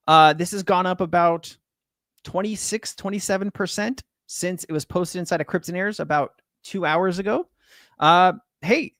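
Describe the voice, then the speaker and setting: A man's voice: sits high, a bit bright, dry recording, studio quality. A man hosting a casual crypto livestream, rambling and chatty with lots of fillers and restarts.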